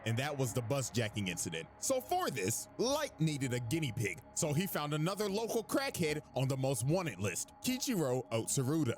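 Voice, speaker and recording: A man's voice: medium pitch, wildly swooping pitch, normal speed, few pauses. A man comically retelling an anime plot, full of crude slang. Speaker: storyteller of a video recap. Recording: music underneath. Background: background music.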